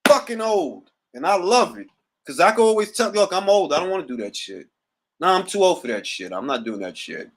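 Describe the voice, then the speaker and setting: Sitting at home, this middle-aged man runs a livestreamed boxing talk show full of profane, animated, casual rants and riffs. His voice sits high and moves briskly.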